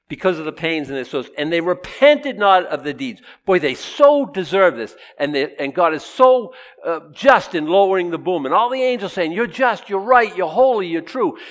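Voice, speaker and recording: A man's voice: a little high, fairly bright tone. A man teaching a Bible sermon in a chatty way, asking and answering his own questions and acting out the quoted lines. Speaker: preacher.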